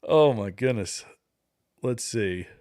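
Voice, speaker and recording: A man's voice: mid-range voice, expressive, slow pace, a little mellow. Chuckling, rambling man hosting a livestream. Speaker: livestream host. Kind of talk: casual livestream commentary.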